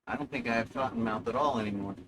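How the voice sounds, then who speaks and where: A man's voice: mid-range voice, fast, background noise. A man streaming live, rambling in a sardonic, self-mocking way and swearing freely.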